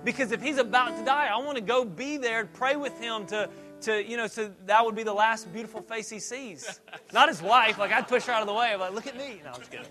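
A man delivers a sermon as pastor, his voice sitting high and sounding bright and forceful. He moves between loud, fervent stretches and quiet, conversational asides, acting out voices and joking along the way. Faint music plays beneath him. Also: brisk. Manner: dynamic preaching, acts out disciples' voices, jokes.

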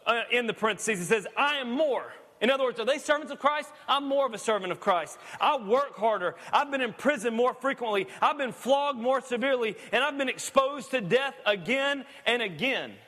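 A high-voiced man preaches a sermon in a casual, folksy way, breaking off for quick jokes. His voice rings with the long reverb of a big church hall. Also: lively intonation, pushed and bright. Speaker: pastor. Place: church sanctuary.

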